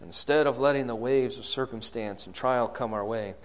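A man preaching a sermon, asking the congregation questions and swinging from loud, high calls to low, soft lines. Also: normal speed. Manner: rises loud and high when acting out quoted prayers, drops low and soft on key lines.

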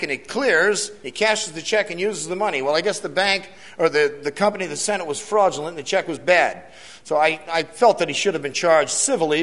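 The long reverb of a church hall carries a church elder's slightly high, fairly bright voice. In an earnest sermon testimony he repeats key lines and puts questions to the congregation.

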